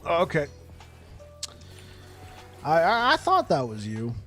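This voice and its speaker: A man's voice: on the high side, slow, soft background music. Laid-back, chatty male streamer. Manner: excitable storyteller, laughs often, repeats words. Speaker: game streamer. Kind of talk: casual live-stream chat with viewers.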